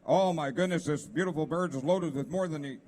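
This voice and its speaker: A man's voice: fairly high pitch, fairly quick, a little mellow. A man presenting cars at an auction, reading out each car's features with enthusiasm. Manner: enthusiastic describing of car features. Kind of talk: reading out car descriptions.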